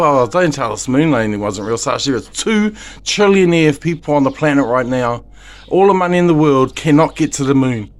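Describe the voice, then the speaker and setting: A father with a New Zealand accent giving an emotional, rambling monologue to camera, pleading and swearing heavily. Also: a little high. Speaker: video maker. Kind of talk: impassioned direct-to-camera monologue.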